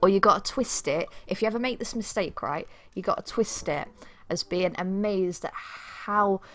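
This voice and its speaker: A woman's voice: medium pitch, moderate pace. A woman chatting casually and swearing while she streams a game and reads its text aloud. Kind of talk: casual let's-play commentary.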